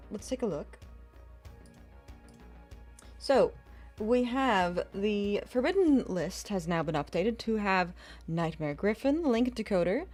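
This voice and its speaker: Casting: gentle motherly streamer voice, a woman putting it on, calm and curious, animated pitch. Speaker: game streamer. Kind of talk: casual live-stream chat.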